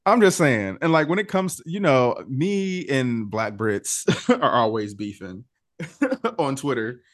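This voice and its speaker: A man co-hosting a casual pop culture podcast, talking in an animated, gossipy way with quick asides and laughs. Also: medium pitch, dry recording, studio quality. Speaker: podcast co-host.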